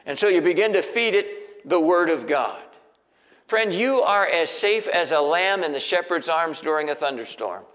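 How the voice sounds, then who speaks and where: A man preaches a Sunday sermon in a church. His voice sits a little higher than most men's and rings out in a long, echoing hall reverb. He shifts from soft, hushed, almost whispered prayer to loud, emphatic exhortation. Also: lively intonation, moderate pace. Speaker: pastor. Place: church sanctuary.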